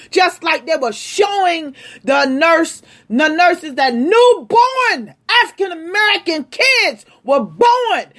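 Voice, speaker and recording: A woman pours out an angry, impassioned rant directly to her viewers. Her voice sits high and swings widely in pitch, though she takes her time and leans hard on each phrase. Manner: angry, forceful, addresses the audience directly. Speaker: vlogger.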